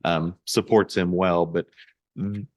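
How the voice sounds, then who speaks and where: A man co-hosting a casual sports podcast, talking in a halting way with many fillers and restarts. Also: sits low, little pitch movement, no echo. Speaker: podcast co-host.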